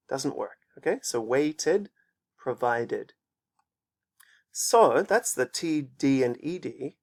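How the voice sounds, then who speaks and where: Male English teacher, unhurried delivery, repeats each word for the class. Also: medium pitch. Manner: slow, patient, repeats words for students. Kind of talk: pronunciation lesson for students. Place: teaching in Japan.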